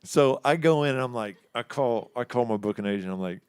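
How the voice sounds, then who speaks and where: Houston guitar man, casual raconteur, smooth dry voice, mid pitch. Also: brisk, few pauses, dry recording. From Houston, Texas. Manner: animated, acts out quoted voices, laughs often. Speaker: musician telling a story. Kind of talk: casual storytelling. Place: live studio show.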